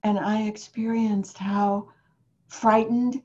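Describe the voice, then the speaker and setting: A woman's voice: medium pitch, flat delivery, takes it slowly, darkish tone. A woman interviewer in a reflective spiritual conversation, telling her story earnestly and asking searching questions. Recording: slightly muffled lo-fi recording.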